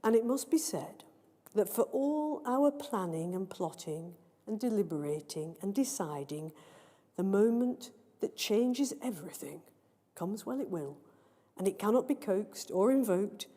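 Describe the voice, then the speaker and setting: At a live event in a large library hall, a woman with a medium-pitched voice reads her own story aloud, telling it expressively and at a measured pace. The hall gives the recording a long reverb.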